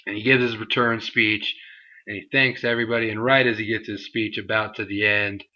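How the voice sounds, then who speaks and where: A man's voice: on the low side, flat delivery, fairly quick, sharp tone. Chatty young man on a dull mic. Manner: rambling, filler-heavy, acts out quotes in mocking voices. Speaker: wrestling show reviewer. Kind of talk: casual vlog review.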